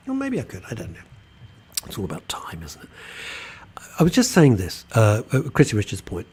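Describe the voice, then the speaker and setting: A man's voice: mid-range voice, breathy edge. A man hosting a radio show, chatting casually and reading out listener messages. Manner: chatty, warm, reads messages aloud and reacts.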